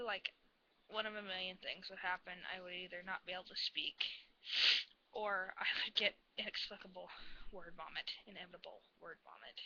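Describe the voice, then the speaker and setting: A woman telling a story in a casual vlog, rambling and gushing like an excited fan. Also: mid-range voice, highs cut off, a little hiss or hum. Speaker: vlogger.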